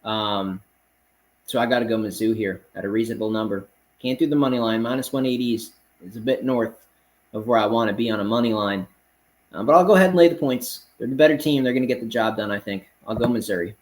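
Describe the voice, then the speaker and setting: Confident guy giving betting picks, mid-pitched, blunt and brash. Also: fast talker, poor audio. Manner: confident, blunt, brash, calls listeners man. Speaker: sports betting picks host. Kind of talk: casual rapid-fire betting picks monologue.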